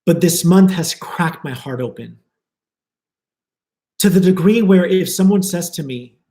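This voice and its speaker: A man's voice: high voice, lively intonation, a little slow, mellow, roomy sound. A man giving a live spiritual talk to his viewers, earnest and flowing, repeating words for emphasis. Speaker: spiritual teacher.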